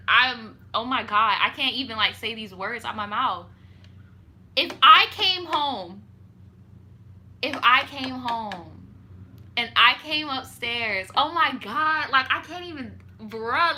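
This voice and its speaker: A young woman hosting a storytime show, chatting casually and reading viewer stories with animated, profane asides. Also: on the high side, unhurried.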